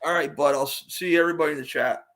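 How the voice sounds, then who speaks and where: Man, show guest, casual chat, rambling, repeated words, slightly high voice. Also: fairly even intonation, very fast, fairly bright tone. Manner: rambling with repeated words, quotes stories back. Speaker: guest co-host.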